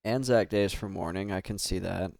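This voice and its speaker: Deep, brisk, and creaky with a darkish tone, this American man's voice comes through dry and studio-clean. He's streaming a game live, rambling casually to viewers and laughing a lot.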